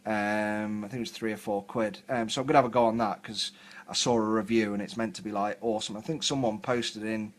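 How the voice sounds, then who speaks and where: A man's voice: fairly low pitch, steady tone, fairly quick. Rambling southern English man live-streaming. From England. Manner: rambling, filler-heavy, chatty. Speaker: hobby live-streamer painting miniatures. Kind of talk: casual live-stream chat.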